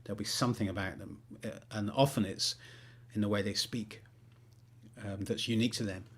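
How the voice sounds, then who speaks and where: Brief: male author, low husky voice, rambling and self-deprecating. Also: fairly even intonation, a little fast. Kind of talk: livestream chat and reading aloud.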